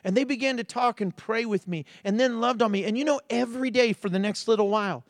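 A man preaching a sermon as pastor, swinging between loud emphasis and hushed storytelling. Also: very high-pitched, fast talker, no echo, studio quality.

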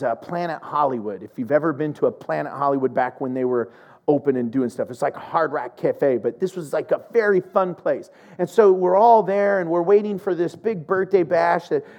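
A man preaching a sermon as a pastor, who explains a teaching and then tells a lively personal story, acting out the voices of the people in it. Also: on the high side.

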